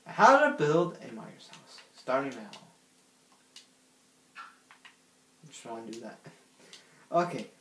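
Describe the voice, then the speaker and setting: A man's voice: medium pitch, sing-song, takes it slowly, pauses often, pushed and bright, a little hiss or hum. A man giving casual gameplay commentary, rambling and giggly, talking to himself while he plays. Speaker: gaming channel host. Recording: roomy echo.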